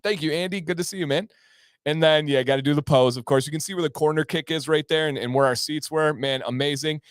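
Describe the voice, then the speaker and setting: A man's voice: a little high, fast, clear, resonant tone, no room sound, studio quality. A man hosting a casual livestream, talking enthusiastically and reading out viewers' names. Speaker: livestream host.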